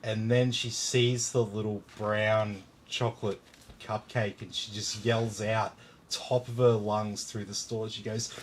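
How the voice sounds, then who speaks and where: A man's voice: on the low side, little pitch movement, unhurried, a little hiss or hum. An Australian man chatting casually while building a PC, rambling through a story with lots of fillers and the odd swear word. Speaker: PC builder hosting a live stream. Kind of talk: casual chat while working.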